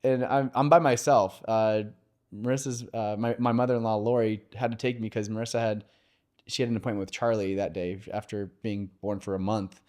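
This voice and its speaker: A man speaks in a low, clear and resonant voice. He tells his story openly and conversationally, with pauses and fillers. He is a podcast guest who works as a mortgage lender. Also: steady tone, darkish tone. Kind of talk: candid personal storytelling.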